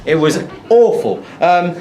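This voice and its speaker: A British man performs a stand-up set, telling stories and chatting with the crowd in an animated, excitable way. His voice is high-pitched and he takes it slowly, in a live recording with clear background noise.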